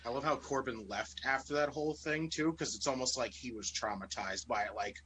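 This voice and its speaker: Man, podcast guest, bright forceful tone, loose filler-heavy talk, faint background noise. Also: mid-range voice, brisk, hardly any pauses, poor audio. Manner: relaxed, filler-heavy, lots of "like". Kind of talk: casual chat.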